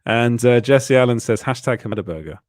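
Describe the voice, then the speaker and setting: Young English male co-host, casual chat, laughs at himself, mid-pitched, dry mic. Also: animated, a little fast, no room sound. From England. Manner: chatty, laughing, self-deprecating storyteller.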